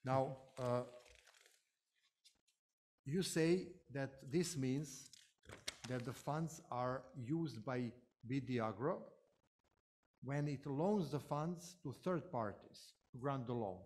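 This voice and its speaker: A man working as counsel, cross-examining a witness in formal legal questioning, measured and deliberate with hesitant restarts. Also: mid-range voice, a little mellow.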